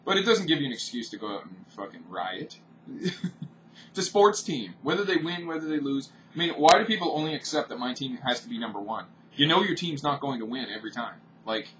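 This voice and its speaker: A man vents in a blunt, opinionated monologue full of profanity, his voice bright and forceful. He sits back from the mic, so he sounds distant. The audio is dull and home-recorded. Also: mid-range voice, a little hiss or hum. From Canada. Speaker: vlogger. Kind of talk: off-the-cuff ranting monologue.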